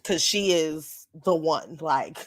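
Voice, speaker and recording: A woman's voice: low-pitched, slow. A woman podcast guest in casual chat, blunt and opinionated.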